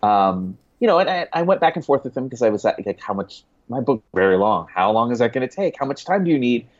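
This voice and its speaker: A man, a guest author, chatting casually in an interview, rambling with restarts and quick laughs. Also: mid-range voice, big pitch swings. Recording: dull lo-fi sound.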